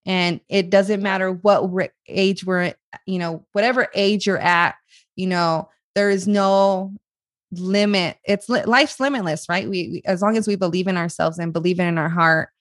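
A woman's voice: on the low side, fairly even intonation, normal speed, no echo. A woman hosting a podcast over a video call, emotional and gushing, often close to tears as she thanks her guest. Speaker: podcast host. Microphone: video call audio.

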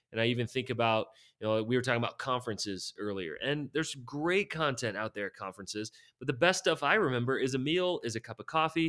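A man's voice: medium pitch, bright, forceful tone. A man hosting a podcast interview, chatty and asking practical questions. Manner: conversational, asks practical questions. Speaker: podcast host.

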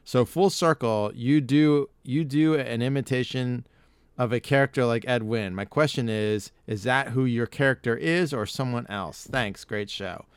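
A man's voice: mid-range voice, unhurried, smooth, no echo, studio quality. A man hosting a podcast, chatting casually in a rambling, profane way. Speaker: podcast host. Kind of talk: casual chat.

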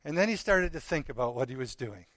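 A man preaching, telling a parable with earnest, slow dramatic pauses. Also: medium pitch, animated, fairly bright tone, dry recording. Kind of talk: sermon storytelling.

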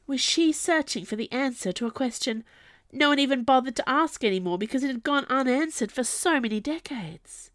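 Lively woman narrating a story. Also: high voice, no echo, clean studio sound. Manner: lively, expressive storytelling with character voices. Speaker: audiobook narrator. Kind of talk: scripted narration.

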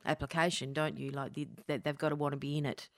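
A woman with a very low voice hosts the interview and reflects back what her guest has said. Her follow-up questions come across thoughtful and conversational. The sound is dry and close, with no room echo. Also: level tone, fast. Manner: reflective, sums up the guest's points.

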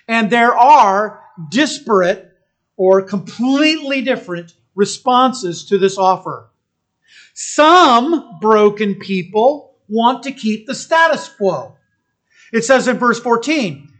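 A pastor preaching a sermon. The pastor tells the story in an animated way, often checking in with listeners and restarting phrases while thinking aloud. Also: medium pitch. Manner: animated storytelling, keeps asking listeners "right?".

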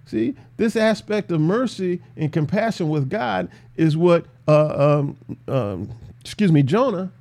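Man, Bible teacher, fairly high voice, animated, conversational. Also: unhurried, gravelly. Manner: animated, voices biblical characters, laughs often.

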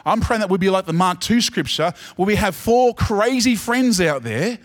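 Animated Australian pastor preaching. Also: male voice, sits high, moderate pace. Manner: animated, swings from soft asides to loud emphatic peaks; chatty, joking asides with the congregation. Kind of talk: sermon.

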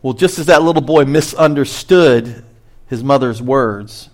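A man preaching a sermon as pastor, animated, rising high to stress a point and dropping low on asides. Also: measured pace.

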